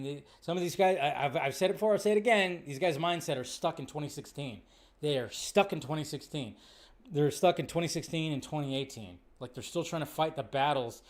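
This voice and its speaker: Male streamer, slightly high voice, casual and animated commentary. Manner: animated, swears freely, mocks fans in a high put-on voice. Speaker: show host.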